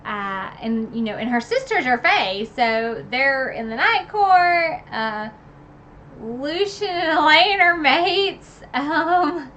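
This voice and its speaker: A woman's voice: high voice, expressive, slow, bright, forceful tone, highs cut off, a little hiss or hum. A woman recapping a novel in a casual, rambling chat, full of fillers and asides. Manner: rambling and chatty, full of "like" and "you know". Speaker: book reviewer streaming a recap.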